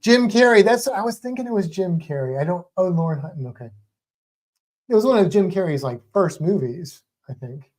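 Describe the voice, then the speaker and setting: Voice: mid-range voice, expressive, brisk, darkish tone. A livestream co-host in casual chat, rambling and restarting sentences while talking eagerly about movies. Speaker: teaches a class about sharks.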